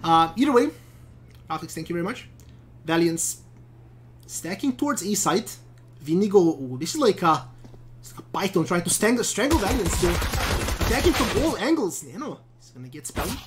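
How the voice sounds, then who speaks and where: A young woman calls an esports match in a chatty, excitable way, her voice sitting a little low. A clear hiss of background noise runs under her words, with clicks scattered through. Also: normal speed, long pauses. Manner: chatty, excitable, repeats herself. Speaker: esports commentator. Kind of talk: play-by-play commentary.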